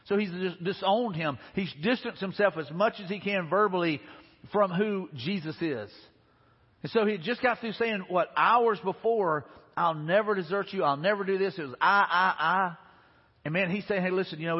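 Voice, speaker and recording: A man preaches in a husky, somewhat high voice, earnest and conversational, often repeating his key lines. His sermon is recorded in a large hall with long reverb. The sound is muffled and lo-fi. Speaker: pastor. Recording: dull, echoey hall recording.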